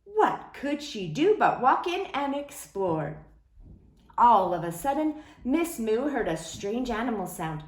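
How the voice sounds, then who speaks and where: A woman reads a picture book aloud in a lively, sing-song voice. Her pitch is fairly high, and it swoops up and down. She reads slowly, and the room carries a noticeable echo. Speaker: storyteller. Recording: roomy echo.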